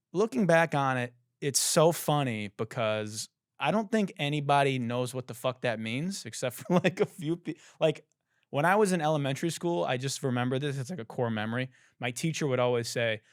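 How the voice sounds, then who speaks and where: A man, host of his own show, tells a comic story in a loose monologue. He swears freely and acts out the people he met, and his pitch swings widely. The sound is close and dry, with no room in it. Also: dry recording. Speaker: podcast host.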